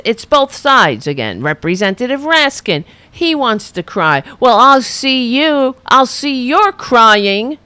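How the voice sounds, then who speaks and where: A woman's voice: medium pitch, sharp tone, clean tone, no room sound. A woman hosting her own political commentary show, delivering a mocking, blunt rant.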